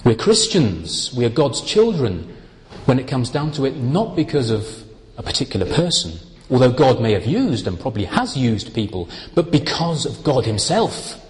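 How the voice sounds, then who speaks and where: A man preaching a sermon, explaining Bible words in a slow, deliberate, emphatic way. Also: medium pitch, big pitch swings, a little mellow, big-room sound.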